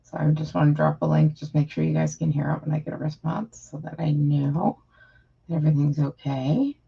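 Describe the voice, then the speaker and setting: A woman's voice: low-pitched, steady tone, brisk, creaky, husky, muffled recording. Frustrated woman rambling on a live stream. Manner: frustrated, rambling with many fillers. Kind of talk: casual live stream chat.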